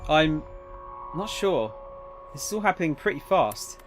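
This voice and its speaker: A man playing a flustered young male researcher, hesitant, stammering, slightly high voice. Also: sing-song, a little slow, music in the background.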